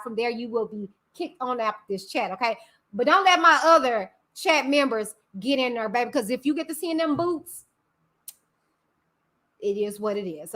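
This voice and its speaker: Bright, high-voiced chatty woman streamer. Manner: chatty, greets viewers by name, drawn-out affectionate greetings. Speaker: livestream host. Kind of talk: casual live-stream chat. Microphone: computer mic in live stream software.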